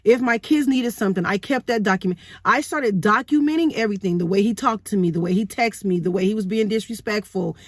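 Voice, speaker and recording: A woman's voice: medium pitch, fairly quick, few pauses, no room sound. Earnest woman vlogger in her thirties, candid story told straight to camera, dry close sound. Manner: earnest, rhetorical questions, frequent "right?". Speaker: vlogger sharing parenting experience.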